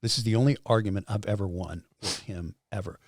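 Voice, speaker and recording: A man's voice: on the low side, a little fast, dry recording, studio quality. A man in his fifties telling his story as a podcast guest, acting out quoted voices and swearing freely. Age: 50s. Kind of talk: animated storytelling.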